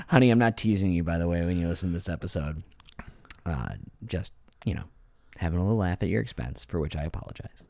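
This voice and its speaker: Man, deep voice, lively swinging pitch, casual podcast co-host, profane storyteller, dry close recording. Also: a little fast, no echo. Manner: profane, laughs often, animated storytelling. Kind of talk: casual chat.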